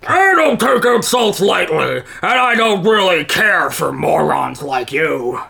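A podcast host voicing a huge, menacing monster king in a slow, gravelly, growling voice for a comedic comic reading. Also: mid-range voice, lively intonation, full character voice. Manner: slow, growling, shouted threats. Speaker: comic read-aloud figure.

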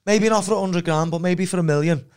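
A man's voice: sits high, fast, a little mellow, clear, resonant tone. A man, a fighter guest on a podcast, making his points bluntly and repeating them insistently. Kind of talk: casual chat.

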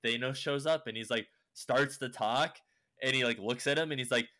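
A man's voice: mid-range voice, moderate pace, pushed and bright. A young man casually recapping a show, rambling with lots of fillers and swearing. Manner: rambling, heavy use of "like" and swearing.

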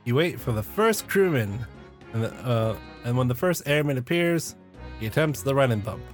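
A man's voice: medium pitch, animated, normal speed, faint music behind. A man playing a tabletop role-playing game, laid-back, laughing often. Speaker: player.

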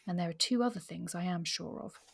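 A woman reading aloud as a blunt, ardent middle-aged male suitor, in a hushed low-key voice. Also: fairly quick, vocal fry, husky.

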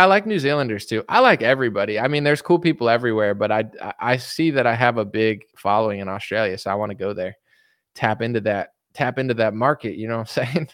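Man, American, casual streamer, rambling jokes, smooth voice, dry close sound. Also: medium pitch, fairly bright tone, no echo. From United States. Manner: rambling, joking, reads viewer comments aloud. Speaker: online commentator answering viewer questions. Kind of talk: casual livestream chat.

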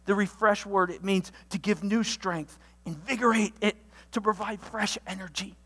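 A pastor giving a sermon, walking through a numbered list of alliterative points with energetic delivery and sudden loud outbursts. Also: medium pitch, moderate pace, husky, big-room sound. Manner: lists points with alliterative words.

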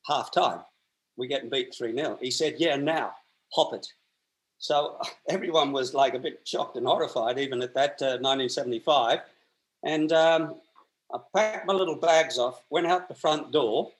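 An Australian man, a guest on a podcast, tells stories casually, acting out voices and restarting many times. His voice has a medium pitch and a moderate pace.

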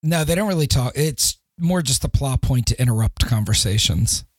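A man's voice: medium pitch, animated, moderate pace, husky, dry recording. A man co-hosting a podcast, talking emphatically about books and laughing often. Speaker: podcast co-host. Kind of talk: casual book discussion.

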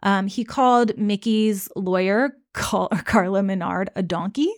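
A woman co-hosting a podcast speaks at medium pitch and a measured pace, captured in clean studio sound with no echo. Chatting casually, she tells an animated story, acts out the quotes, and says "like" a lot.

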